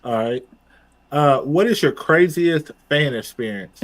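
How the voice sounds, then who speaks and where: A man co-hosting a wrestling podcast, asking questions in a relaxed way with lots of fillers. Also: on the high side, measured pace. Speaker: podcast co-host. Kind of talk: casual podcast interview.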